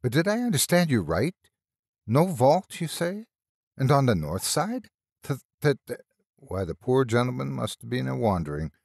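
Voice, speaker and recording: A man's voice: medium pitch, sing-song, moderate pace, gravelly, dry recording, studio quality. A male narrator voicing a deferential, easily shocked village church clerk who stammers.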